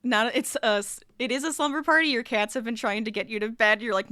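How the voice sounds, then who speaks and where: A woman's voice: a little high, fast, hardly any pauses, sharp tone, dry recording, clean studio sound. A young adult woman streamer chatting casually and laughing often while she crochets at her desk at home. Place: home room.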